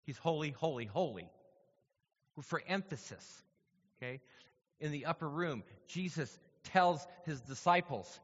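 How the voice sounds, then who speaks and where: A man's voice: a little high, animated, measured pace, husky, in a large hall, dull audio. A man preaching a sermon, reading scripture aloud and then explaining it in a conversational teaching manner, often checking in with his listeners.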